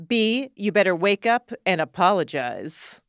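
A woman's voice: mid-range voice, sing-song, a little slow, smooth. A woman co-hosting a talk show, reading quiz questions aloud in a playful, joking way. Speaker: co-host.

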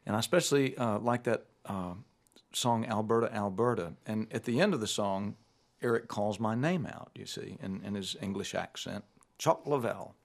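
Gravelly-voiced male musician guest. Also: fairly low pitch. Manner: unhurried, with many fillers and restarts. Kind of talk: relaxed storytelling.

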